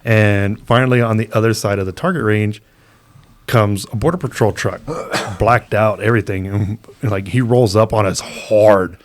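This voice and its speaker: A man with a fairly low voice spins a long, rambling yarn on a casual podcast. He drifts between his own easy tone and quick imitations of the people in the story. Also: steady tone. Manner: laid-back, rambling, acts out quoted voices. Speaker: podcast co-host.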